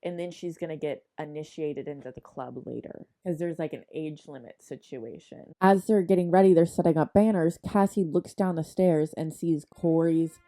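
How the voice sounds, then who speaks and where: A young woman with a low, mellow voice recaps a TV show at a moderate pace with few pauses. Her comedic narration is chatty and sarcastic, packed with slang and asides.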